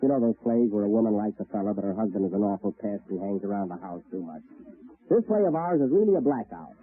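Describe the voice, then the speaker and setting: A man's voice: on the low side, animated, fast, husky. A man hosting a 1930s radio comedy show, introducing acts with wisecracks and jokey asides. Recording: tinny 1930s radio broadcast.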